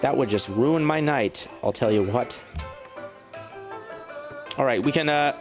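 A man at a mid-range pitch chatting through a strategy game session, bantering with his units as if they could hear him. His voice jumps up sharply whenever something excites him. Faint game music plays underneath. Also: normal speed. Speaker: let's play gamer. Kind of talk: casual gameplay commentary.

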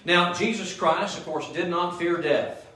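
Preaching in a church sanctuary, this man has a high, pushed, bright voice and keeps a measured pace. The pastor often checks with the congregation by asking "Amen?", and the distant mic picks up the room's echo.

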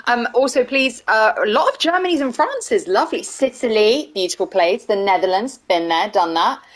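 A woman's voice: on the high side, animated, normal speed. A middle-aged woman hosting a casual live stream, bubbly and laughing often as she greets viewers. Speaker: streamer and host.

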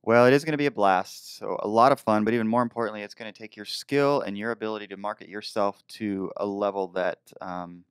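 Male co-host, deeper resonant voice, considered casual delivery. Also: fairly even intonation, fairly quick, few pauses, clear, resonant tone, no echo, studio quality. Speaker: podcast co-host. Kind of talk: casual podcast chat.

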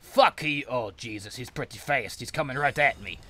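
A man's voice: medium pitch, normal speed, few pauses, a bit bright. A man giving profane comedic commentary while playing a game, boasting like a mock villain and yelping at sudden scares. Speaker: let's play gamer.

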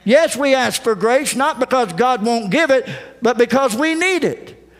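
A man's voice: extremely high pitch, lively intonation, unhurried, fairly bright tone, long reverb tail. A man preaching a folksy sermon as pastor, acting out the voices he quotes. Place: church sanctuary.

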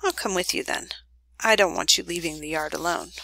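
A woman's voice: on the low side, fairly quick, creaky, bright, forceful tone, dry recording. A woman voicing a stern, fussy old grandmother in a storybook reading, sounding prim and disapproving. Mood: firm.

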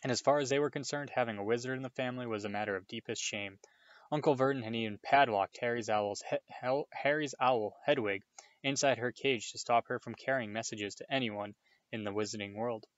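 Guy reading a kids book out loud, laid back, middle pitch, dry kinda muffled mic. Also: fairly quick, no echo. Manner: relaxed, informal asides. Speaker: reader.

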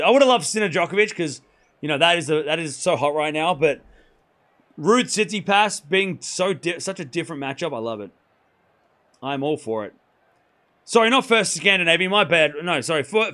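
Hoarse aussie guy on a tennis livestream, kinda high voice, rambly and hyped, keeps correcting himself. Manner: excitable, rambling, self-correcting. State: hoarse from hours of shouting. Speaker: tennis stream host. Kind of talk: live stream chat with viewers.

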